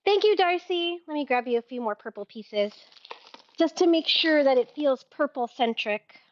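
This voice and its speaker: A woman with a high, bright-pitched voice chats through a live-stream sale, giggling and laughing at her own mix-ups. The sound is a little dull and lo-fi. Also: animated, moderate pace, a little hiss or hum. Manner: giggly, chatty, laughs at herself. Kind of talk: casual live-stream selling chat.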